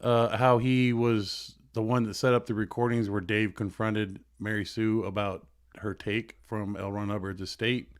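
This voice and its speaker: Man, panel guest, joking, rambling, hedges, lowish voice, dry sound. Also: level tone, normal speed, few pauses, clean tone, no echo. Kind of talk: live-stream panel chat.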